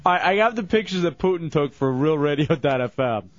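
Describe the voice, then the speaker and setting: A man's voice: a little high, expressive, brisk, dry recording, lo-fi sound. A man hosting a radio show, laughing, teasing a co-host and reading listener messages. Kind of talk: radio banter.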